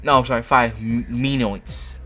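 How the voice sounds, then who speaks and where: A man's voice: mid-range voice, fairly even intonation, moderate pace, over music. A man hosting, reading fanfiction aloud with mocking asides, laughing often and tripping over his words. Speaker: host.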